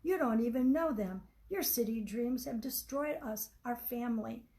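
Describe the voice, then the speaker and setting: A woman's voice: a little high, animated, normal speed. A woman reading the part of a betrayed wife who pleads and accuses. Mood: hurt. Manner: pleading, rising to sharp.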